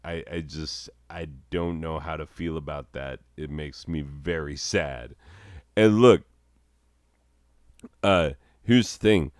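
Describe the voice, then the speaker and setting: A man hosting a comedy show, ranting and swearing constantly in a deadpan monologue. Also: rumbling low, slow pace, clear, resonant tone, no room sound, clean studio sound.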